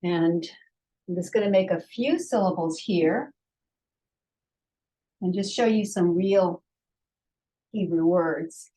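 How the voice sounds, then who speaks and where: Slow, patient woman teaching Hebrew. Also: fairly low pitch, dark tone. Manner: slow, patient, sounds out syllables for learners to repeat. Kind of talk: online language lesson.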